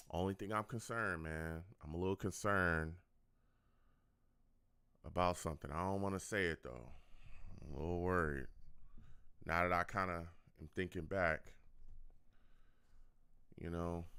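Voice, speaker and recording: A young man streams his frustrated reaction to a live football game as a fan show host, repeating himself, railing at the calls and addressing his chat. His voice is low with a fairly bright, clean tone, captured in clean studio sound without room sound.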